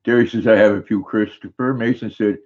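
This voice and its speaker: An older man with a fairly low voice hosts a relaxed livestream. He reads viewers' comments aloud and greets each person by name in an unhurried, easygoing way. The sound is dull and lo-fi, like a home stream. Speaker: livestream host.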